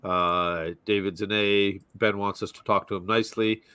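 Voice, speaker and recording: A man's voice: lowish voice, fairly even intonation, moderate pace, pushed and bright, clear, resonant tone, dry recording. A man hosting a casual football chat, joking, laughing easily, and reading out viewer comments.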